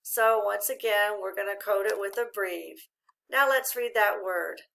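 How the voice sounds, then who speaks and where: A woman teaching a phonics lesson to children, spelling letters out slowly and praising often. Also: medium pitch, creaky, a bit bright. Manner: slow, drawn-out spelling of letters with encouraging praise.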